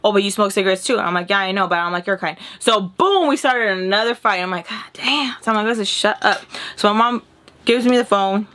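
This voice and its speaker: A young woman vlogger telling a long personal story in casual chat, candid and animated, swearing freely and acting out what others said. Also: mid-range voice, fast.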